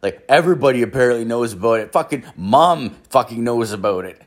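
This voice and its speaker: A man's voice: mid-range voice, animated, brisk. A man in his thirties telling a rambling, exasperated story, swearing constantly. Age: 30s. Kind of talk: profane comic storytelling rant.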